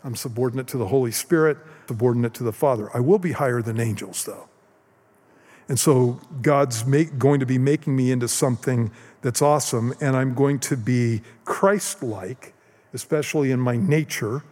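A man's voice: mid-range voice, normal speed, darkish tone, in a large hall. A middle-aged man preaching a casual, conversational sermon as a pastor, telling stories and often repeating words as he goes.

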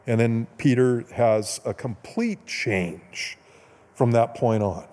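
A man preaching a sermon as pastor, retelling stories in a casual, conversational way with quick asides. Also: mid-range voice, darkish tone, in a large hall. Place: church sanctuary.

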